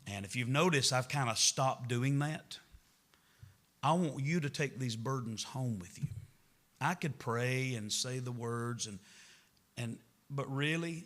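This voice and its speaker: A man's voice: mid-range voice, measured pace, fairly bright tone. A middle-aged man, a pastor preaching a Wednesday night sermon in a church, folksy and conversational, rising to emphatic preaching. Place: church sanctuary.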